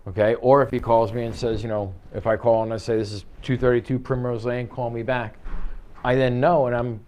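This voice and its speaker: A man's voice: medium pitch, little pitch movement, fairly quick, darkish tone. A man teaching a real estate sales class in an office, acting out phone calls in quoted voices. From United States. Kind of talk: office training talk.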